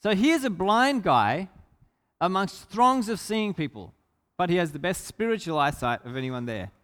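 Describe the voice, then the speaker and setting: A man's voice: high voice, very animated, moderate pace, fairly bright tone. A man preaching a sermon, telling a story with emphasis and asking the congregation rhetorical questions. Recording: long hall reverb.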